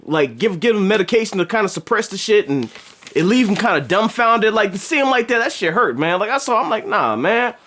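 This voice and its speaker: A man reviewing a film in casual chat, animated and profane, acting out scenes in slangy speech. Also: sits high, fast. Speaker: movie reviewer.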